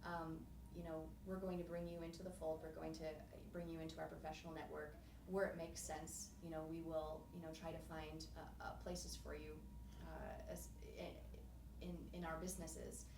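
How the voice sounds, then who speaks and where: A woman asking long, halting interview questions, recorded off-mic. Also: sits low, little pitch movement, recorded from a distance, background noise. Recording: echoey, off-mic with faint ambience.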